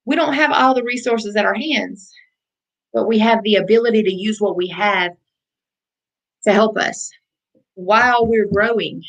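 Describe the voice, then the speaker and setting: A woman's voice: medium pitch, a little slow, pauses often, fairly bright tone, low-quality recording. Woman life coach, repetitive conversational delivery. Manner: conversational, repeats phrases for emphasis. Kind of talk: motivational coaching talk.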